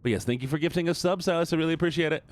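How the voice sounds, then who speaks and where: A man's voice: fairly high pitch, rapid-fire. A man streaming a game live, chatting to his viewers with playful outbursts. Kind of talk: live gameplay commentary.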